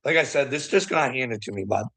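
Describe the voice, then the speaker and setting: A man's voice: mid-range voice, lively intonation, a little fast, a bit bright. A middle-aged man in a swearing, ranting monologue who taunts his listener as "bud" and keeps breaking into laughter. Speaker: vlogger.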